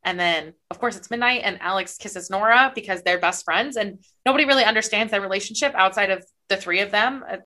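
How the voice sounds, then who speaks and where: Bright-voiced woman raving about a book. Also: medium pitch, brisk, few pauses. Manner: enthusiastic, rambling recaps. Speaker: podcast co-host. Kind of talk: casual book chat.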